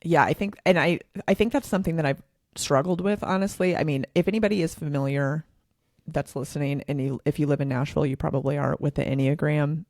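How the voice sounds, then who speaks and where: A woman's voice: sits low, fast talker, darkish tone, no echo, studio quality. A woman, co-hosting a podcast in a casual, sarcastic, laughing way. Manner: sarcastic, laughing, filler-heavy. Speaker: podcast co-host.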